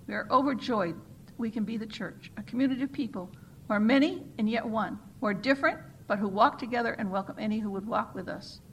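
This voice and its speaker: A woman with a bright, forceful voice reads a story to her congregation in a church, giving it expressive storytelling. Her voice sits a little high, with a faint hiss behind it. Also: fast talker, rough recording. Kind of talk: sermon story reading.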